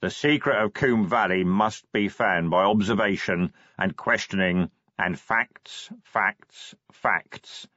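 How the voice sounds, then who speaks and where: A man voicing a clever male troll who speaks quietly and patiently, like a school teacher. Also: fairly low pitch, dry recording, dull audio. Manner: measured, patient, lightly teasing.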